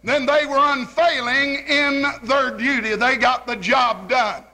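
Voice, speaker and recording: A man's voice: extremely high pitch, steady tone, unhurried, pushed and bright, low-quality recording. A man preaching a revival sermon in church, telling a folksy story and acting out its characters. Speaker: evangelist. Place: church sanctuary, evening service.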